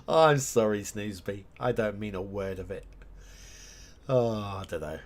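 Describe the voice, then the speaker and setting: Here a man with a fairly low voice takes his time, chatting loosely on a live game stream as he builds a map. His talk wanders between subjects, broken up by humming and muttering to himself while he works.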